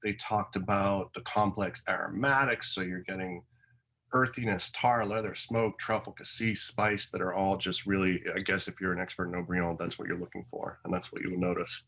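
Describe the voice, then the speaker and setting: A man's voice: low-pitched, steady tone, normal speed, fairly bright tone, poor audio. A man co-hosting a casual educational wine show, talking in a modest, self-deprecating way.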